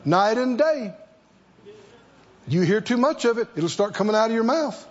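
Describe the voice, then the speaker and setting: Male preacher, call-and-response sermon, high voice, slow delivery, muffled lo-fi sound. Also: lively intonation. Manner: call-and-response, rhetorical questions to the congregation.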